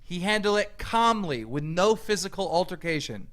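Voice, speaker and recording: A man's voice: high voice, sing-song, normal speed. A man ranting angrily in a reaction video, mocking and profane as he answers back to a clip. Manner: mocking, profane, shouting rebuttals. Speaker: online commentator. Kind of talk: angry reaction rant.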